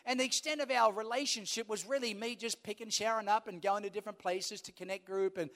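A man's voice: sits high, fairly even intonation, fast talker, fairly bright tone. A man preaching a sermon as a pastor, telling a humorous personal story and acting out the dialogue. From Australia. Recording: long hall reverb.

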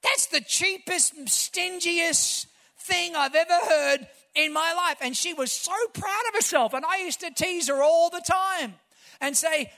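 A man, a pastor preaching a sermon, telling stories and building to shouted emphasis. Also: extremely high pitch, measured pace.

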